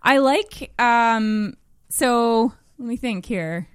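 A woman's voice: on the high side, very slow, smooth, no echo, clean studio sound. A woman chatting as a podcast guest, self-deprecating and hesitant, with many fillers and restarts. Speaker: podcast guest and host of her own show. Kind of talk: casual podcast chat.

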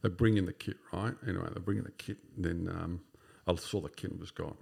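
A deep, gravelly man in his fifties, chatting as a podcast guest. His voice is a bit husky. He swears often and keeps checking in with "right?" while he tells a story. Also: fairly even intonation, a little fast, hardly any pauses, a little mellow. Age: 50s. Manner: swears freely, ends lines with "right?". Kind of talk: casual storytelling chat.

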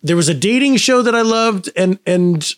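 Mann, Podcast-Co-Host, weitschweifige Anekdoten, etwas hohe Stimme, trockene Aufnahme. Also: male voice, high-pitched, expressive, moderate pace, no echo, clean studio sound. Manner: rambling anecdotes with put-on quotes. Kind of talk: casual chat.

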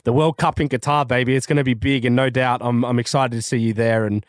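A man hosting a podcast, chatting casually and warmly calling his guest "bro" and "man". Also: medium pitch, steady tone, quick pace, no room sound, studio quality. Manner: friendly, matey, calls guest "bro" and "man". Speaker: podcast host. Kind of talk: casual interview chat.

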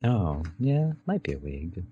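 Slow, lively-pitched man chatting casually. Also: breathy edge, no room sound, lo-fi sound. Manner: laughs often, playful. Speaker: podcast co-host. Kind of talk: casual movie-watching chat.

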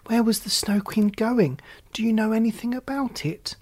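A storyteller voicing a gentle, frightened little girl in a storybook reading, raising the voice into a pleading tone. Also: medium pitch, moderate pace, pitched above the performer's own voice, natural voice. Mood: anxious.

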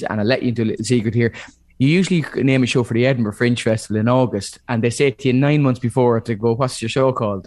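A man's voice: mid-range voice, darkish tone, no echo, studio quality. A middle-aged Irish man, a comedian chatting as a guest in a jokey, rambling way and laughing often. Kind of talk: casual chat.

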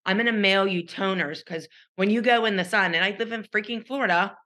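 A middle-aged woman co-hosting a chatty podcast over a video call. Her voice is bright and clear. She tells stories with animation and plays out the voices of people she quotes. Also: medium pitch, brisk. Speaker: podcast co-host. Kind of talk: casual storytelling chat.

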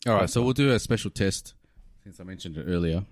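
A man's voice: low voice, expressive, fast talker, no echo, studio quality. A man co-hosting a casual podcast, running a word quiz in a laid-back, swearing manner. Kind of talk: casual banter.

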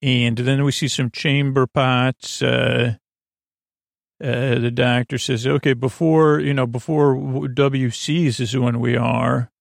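A man hosting a podcast, loosely retelling a television episode in a halting, casual way with many fillers and restarts. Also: medium pitch, level tone, vocal fry, no room sound, studio quality. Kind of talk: sleepy casual retelling of a story.

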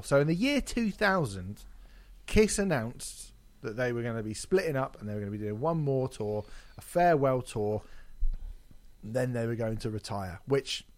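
Animated man telling stories. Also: mid-range voice. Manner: animated, swearing storyteller, quick to laugh. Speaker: podcast host. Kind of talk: casual chat.

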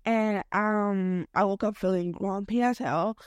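A young woman hosting her own podcast, chatting casually in a slangy, expressive way that jumps between topics, recorded at home late at night. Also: medium pitch, a little slow, clear, resonant tone, dry recording, studio quality. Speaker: podcast host. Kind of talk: casual solo podcast chat.

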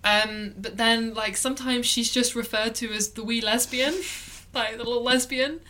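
A woman's voice: fairly high pitch, fairly even intonation, moderate pace, background noise. A woman co-hosting a podcast in casual chat, chatty and laughing often, with plenty of ums. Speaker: podcast co-host.

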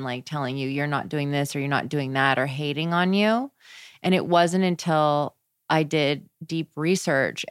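A young woman with a low, smooth voice chats easily as a podcast guest. She tells stories in a loose, animated way, full of filler words. The sound is close and dry. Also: no echo. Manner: chatty, frequent "like" fillers, animated storytelling. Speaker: podcast guest, wellness practitioner. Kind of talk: casual conversational interview.

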